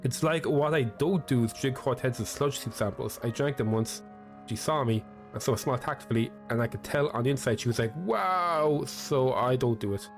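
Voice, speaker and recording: A man's voice: medium pitch, normal speed, close to an everyday voice. A quirky young oddball from a fantasy video game rambles through strange little stories in a middling voice, read out by a man. Faint music plays underneath. The telling is whimsical and meandering.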